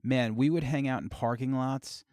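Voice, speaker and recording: A man in his forties hosting a podcast, asking halting questions with restarts in casual chat. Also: mid-range voice, a little mellow, dry recording, clean studio sound. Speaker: podcast host.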